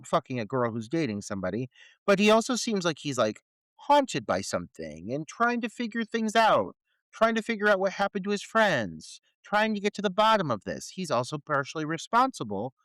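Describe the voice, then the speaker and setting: Animated, profane man reviewing a film. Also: on the high side, no room sound. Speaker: podcast co-host. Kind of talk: casual film review chat.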